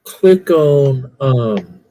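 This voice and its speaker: A man who talks slowly and rambles, swearing as he hunts for things on a web page. He keeps getting the hiccups. His voice is dry and close to the mic. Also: mid-range voice, expressive, mellow, no echo. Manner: slow, rambling and profane. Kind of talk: casual chat.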